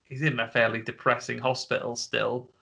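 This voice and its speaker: A man's voice: medium pitch, little pitch movement, moderate pace, gravelly, sharp tone. A man co-hosting a casual horror film podcast over a video call, retelling scenes and putting on character voices. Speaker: podcast co-host. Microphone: home mic on a video call.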